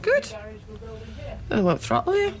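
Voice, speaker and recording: A woman's voice: very high voice, wildly swooping pitch, slow pace, very noisy, heavily acted. A woman playing a brash, blunt, protective mother in a TV drama. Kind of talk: TV drama acting.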